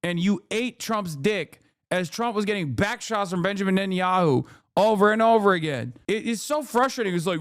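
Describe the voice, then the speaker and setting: High-voiced streamer ranting, profane and heated. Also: male voice, lively intonation, normal speed, no echo, studio quality. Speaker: streamer host reacting to clips. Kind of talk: heated live-stream reaction rant.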